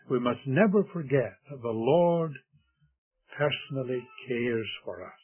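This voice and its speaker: An older man preaching a sermon in an earnest, measured way, building to emphatic swells. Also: medium pitch, slightly rough. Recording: tinny phone-like lo-fi recording.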